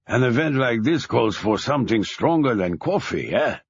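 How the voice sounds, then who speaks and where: A man doing a booming German father. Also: sing-song, normal speed, slightly rough, dry recording, lo-fi sound. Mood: hearty. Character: jovial big German father, booming, hearty.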